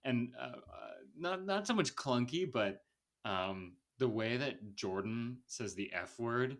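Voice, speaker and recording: A man's voice: mid-range voice, lively intonation, slow. A man hosting a podcast, chatting casually about a movie in a rambling way, laughing often and quoting lines in a raised voice. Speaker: podcast host.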